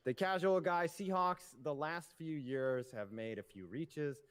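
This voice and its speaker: A man's voice: fairly high pitch, measured pace, clear, resonant tone. Male stream host, casual, jokey, reads donations. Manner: loose and jokey, laughing between reads. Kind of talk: casual livestream chat, reading donations aloud.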